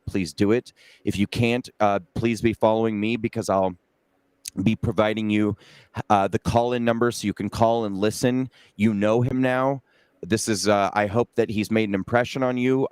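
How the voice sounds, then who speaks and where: Earnest guy hosting an interview, lowish voice, smooth, lots of restarts. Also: no room sound. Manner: earnest, halting, with many restarts. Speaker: interviewer and host. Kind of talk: emotional interview talk.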